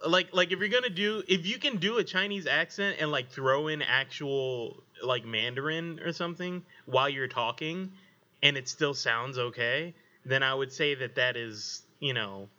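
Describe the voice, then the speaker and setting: A man co-hosting a casual podcast chat, animated, rambling and profane. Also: medium pitch, moderate pace, lo-fi sound.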